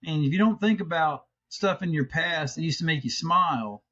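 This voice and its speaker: This is a middle-aged man chatting as a podcast co-host, his voice sitting a touch high for a man. He rambles, restarts his sentences and swears without a second thought. The sound is dull and lo-fi, as if through a cheap mic. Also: normal speed, bright, forceful tone. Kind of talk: casual chat.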